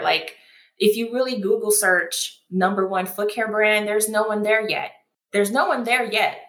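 A woman being interviewed, telling her story in an animated way and acting out what people said. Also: medium pitch. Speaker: guest, founder of a foot care brand. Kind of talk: casual interview conversation. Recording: echoey room.

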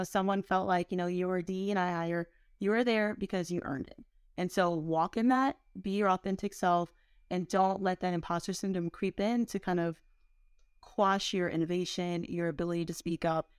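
A woman's voice: fairly low pitch, clear, resonant tone, dry recording, clean studio sound. A woman in her thirties, a healthcare executive, chatting as an interview guest in a friendly, conversational way. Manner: friendly, conversational, uses "like" often. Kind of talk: casual interview chat.

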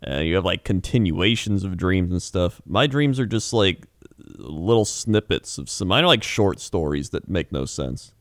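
A man in casual conversation, reacting with short, relaxed remarks. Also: low voice, moderate pace, no echo, clean studio sound. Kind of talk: casual chat.

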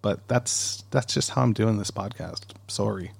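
Gravelly low-voiced podcast host. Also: male voice, measured pace. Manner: rambling and chatty. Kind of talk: casual podcast monologue. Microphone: studio dynamic mic.

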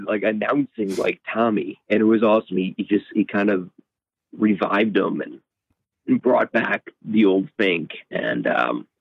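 A man calling in, reflecting hesitantly with many pauses and fillers, heard over a phone line. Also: on the low side, slightly rough, dry recording. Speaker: guest on a call. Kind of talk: reflective remembrance.

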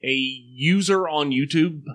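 A man co-hosting a podcast in casual chat, relaxed and unhurried, in a plain everyday voice. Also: a little high. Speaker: podcast co-host.

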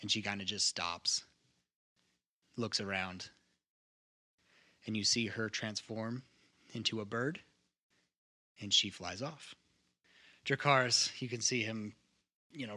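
A man's voice: on the low side, fairly even intonation, slow pace, pauses often, pushed and bright. A man narrating as game master, loose and conversational with many fillers.

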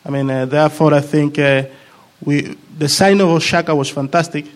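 Man, former player on a panel, halting delivery, repeats himself, voice a bit high. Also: steady tone. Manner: halting, repeats words while searching for them. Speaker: guest, former player of the club. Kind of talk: casual panel chat.

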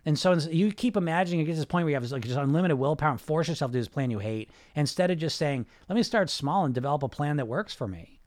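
A man's voice: on the high side, expressive, fast talker, few pauses, a little mellow. A man hosting a live podcast, talking straight to his listeners in a rambling, emphatic way with lots of restarts. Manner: frequent restarts and "you know". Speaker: podcast host reading live comments. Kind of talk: live-streamed casual podcast talk.

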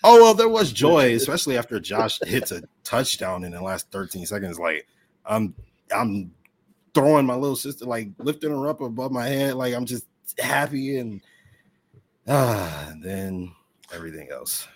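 A man talking as a guest in a casual podcast chat, earnest and animated. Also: medium pitch, normal speed.

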